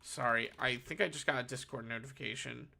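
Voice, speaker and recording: A man's voice: mid-range voice, fairly quick, gravelly, sharp tone. A man calling a card game tournament solo, analytical and thinking aloud, correcting himself as he goes. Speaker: tournament caster.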